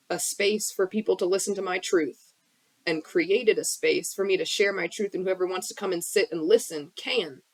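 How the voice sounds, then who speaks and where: A woman's voice: fairly low pitch, creaky, dry recording. Woman, spiritual coach, blunt, impassioned, swears freely, casual motivational talk, phone live stream from a bedroom. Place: her bedroom.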